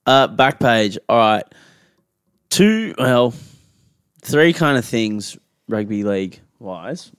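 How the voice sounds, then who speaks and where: A man co-hosting a podcast, trading quick banter and chiming in with jokes. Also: medium pitch, sing-song, fairly bright tone, smooth, dry recording, studio quality. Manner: quick banter, chimes in and laughs. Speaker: podcast co-host. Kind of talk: casual chat.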